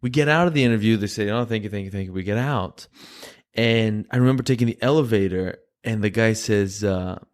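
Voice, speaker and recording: A man's voice: on the low side, fairly quick. Greek man telling a story. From Greece. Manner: animated storyteller, acts out quoted voices. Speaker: guest. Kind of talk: casual storytelling chat.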